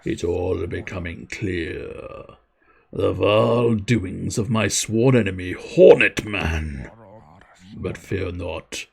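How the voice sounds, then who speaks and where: A man voicing an unhinged male beekeeper from a game, speaking slowly, grimly and with menace. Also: sits low, gravelly, a little mellow, husky, voice pushed down, heavily acted. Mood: menacing. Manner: slow, grim and menacing. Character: unhinged male beekeeper plotting revenge with bees.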